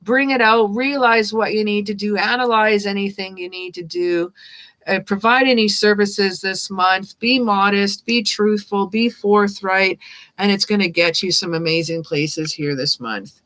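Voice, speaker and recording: Woman hosting a live tarot stream: bright, forward tone, playful and encouraging, takes her time. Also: medium pitch, a little slow. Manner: upbeat, playful, affirming. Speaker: tarot reader.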